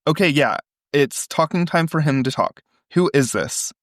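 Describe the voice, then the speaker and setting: A man's voice: fairly high pitch, lively intonation, moderate pace, no echo, studio quality, voice pushed up, natural voice. A man voicing a flustered, suspicious man who keeps questioning a strange caller. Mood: insistent. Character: flustered, suspicious man answering odd calls.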